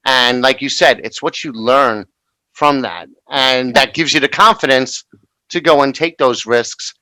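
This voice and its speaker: Bright-voiced male interviewer. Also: medium pitch, unhurried, dry recording, rough recording. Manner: affirming, backchannels with mm-hmm. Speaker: interviewer host. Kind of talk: conversational interview.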